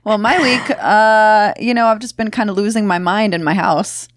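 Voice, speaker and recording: A woman's voice: mid-range voice, fairly even intonation, normal speed, no echo, clean studio sound. A woman co-hosting a podcast, chatting playfully and slipping into silly voices. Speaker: podcast co-host. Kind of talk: casual chat.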